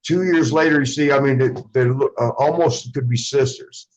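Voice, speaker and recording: A former wrestler as an interview guest, telling stories casually in a rambling way, swearing freely and acting out what others said. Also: male voice, mid-range voice, normal speed, darkish tone, poor audio. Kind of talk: casual storytelling.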